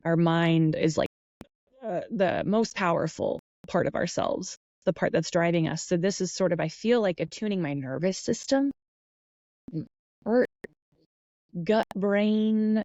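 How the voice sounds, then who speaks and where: A woman hosting a podcast, musing softly and meandering through a reflective guided talk, with fillers and self-corrections. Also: fairly low pitch, dry recording, lo-fi sound. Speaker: podcast host.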